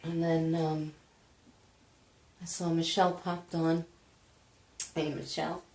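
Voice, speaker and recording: A woman leading a live money-clearing session, chatty and casual, greeting viewers as she goes. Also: sits low, little pitch movement, darkish tone. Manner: chatty, slow, greets viewers, laughs often. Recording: echoey room.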